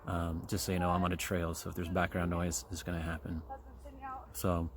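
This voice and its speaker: Low, gravelly forties man from Kansas City, rambling casual podcast host, profane and full of fillers, faint trail noise behind. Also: monotone, quick pace. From Kansas City, USA. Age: 40s. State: chewing gum. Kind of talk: casual solo podcast monologue. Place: outdoors on a trail. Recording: faint outdoor background noise.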